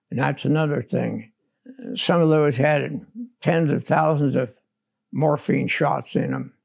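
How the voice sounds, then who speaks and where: An older man with a gravelly, rough-edged voice tells his war memories plainly and bluntly. He speaks as a veteran being interviewed for an oral history, matter-of-fact and unsentimental. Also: mid-range voice, a little mellow.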